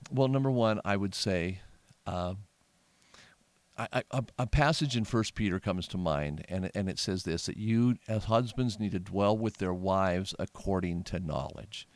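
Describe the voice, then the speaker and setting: Earnest middle-aged pastor, low voice. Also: male voice, a little slow, no echo. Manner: earnest storyteller, animated when retelling. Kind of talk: casual podcast conversation.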